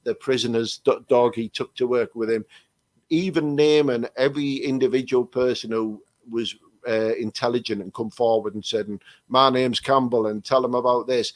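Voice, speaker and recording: A man's voice: medium pitch, steady tone, normal speed, no room sound. An English man, a psychic medium, telling rambling stories with many restarts in a casual chat over a video call. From England.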